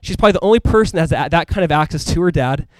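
A man preaching a sermon as a pastor in a casual, conversational and animated way, full of asides to the congregation. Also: on the high side, racing, dry recording. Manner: animated, emphatic delivery.

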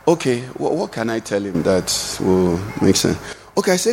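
A man preaching a sermon to a congregation, asking call-and-response questions and building to shouts. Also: fairly low pitch, very animated, moderate pace, vocal fry, a little hiss or hum. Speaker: pastor. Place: church. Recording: long hall reverb.

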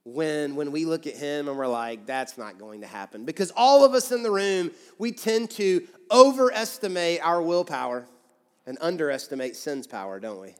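A man's voice: a little high, lively intonation, moderate pace, clear, resonant tone, long reverb tail. A man in his thirties, a pastor preaching a conversational sermon and acting out quoted voices. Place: church sanctuary.

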